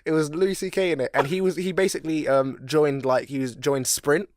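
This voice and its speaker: A young man co-hosting a podcast, chatting in casual banter, animated and joking with frequent laughs. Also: a little high, brisk, no room sound, studio quality. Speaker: podcast co-host.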